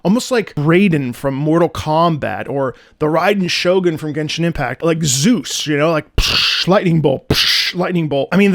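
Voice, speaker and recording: Animated man scatting melodies. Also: fairly high pitch, creaky, no echo, studio quality. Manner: excitable, sings out melodies in scat syllables; profane asides, chatty fillers. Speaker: video game music analyst. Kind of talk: casual music breakdown commentary.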